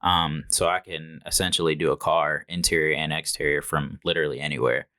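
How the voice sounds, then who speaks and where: A young man, a small business owner, guesting on a podcast and talking calmly with many filler words. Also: very deep voice, brisk, no echo, clean studio sound. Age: young adult. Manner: calm, plain-spoken, many ums and likes. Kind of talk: casual interview.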